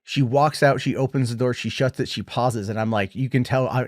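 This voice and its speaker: A man's voice: medium pitch, a little fast, few pauses, no echo, studio quality. Rambling, chatty male film reviewer. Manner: rambling, animated retelling with many "like"s. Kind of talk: casual spoken film review.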